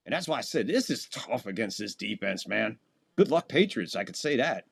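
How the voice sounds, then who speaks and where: Lowish, creaky, and breathy, with big pitch swings at a moderate pace, this man's voice carries live fan play-by-play of a football game. He hosts casually, talks to chat between plays, and his voice shoots up on big plays.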